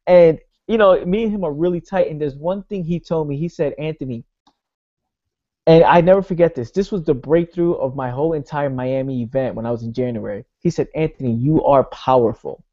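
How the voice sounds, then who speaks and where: Man, motivational speaker, casual and punchy, warm tone, dull lo-fi sound. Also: a little high, a little fast, hardly any pauses. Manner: energetic storytelling, fillers like "right?" and "bro".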